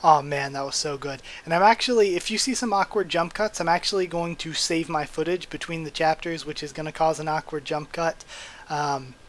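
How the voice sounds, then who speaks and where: A young man doing an excited, hyped manga readthrough with casual commentary. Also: fairly high pitch, brisk, slight background noise. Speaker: YouTube reader.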